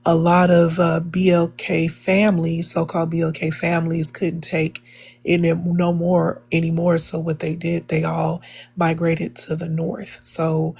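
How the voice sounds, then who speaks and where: Gravelly, husky woman. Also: lowish voice, monotone, measured pace, a little mellow. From Chicago, USA. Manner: earnest, many fillers and restarts. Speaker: debate participant. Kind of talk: live online debate, personal storytelling.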